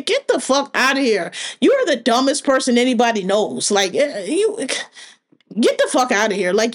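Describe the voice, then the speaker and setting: A woman hosting her own podcast, ranting alone in a blunt, profane, exasperated way. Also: high-pitched. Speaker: podcast host. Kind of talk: solo opinion podcast rant.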